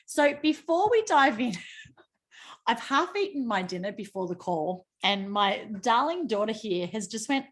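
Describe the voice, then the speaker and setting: A woman's voice: fairly high pitch, very animated, moderate pace. A woman hosting a team video call, talking in a bubbly, effusive way and laughing often. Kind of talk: casual video call presentation.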